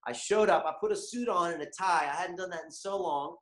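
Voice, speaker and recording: A man hosting a motivational online masterclass, energetic and constantly asking his viewers questions. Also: sits high, a little fast, echoey room. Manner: animated, keeps asking the chat audience questions. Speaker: webinar host.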